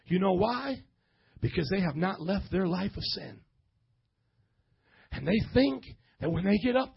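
A man pastor preaching a sermon, calling out to his congregation and building to shouts. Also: high voice, creaky, slightly rough, dull audio. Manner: preaching with rising shouts and audience call-and-response.

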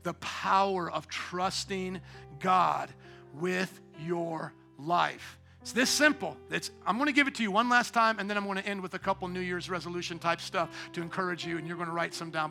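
A male pastor preaches in a church with a high, bright, ringing voice. He drops to near-whispered asides, then climbs into loud, shouted exhortation. Soft instrumental music plays underneath. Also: vocal fry. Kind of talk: sermon. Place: church sanctuary.

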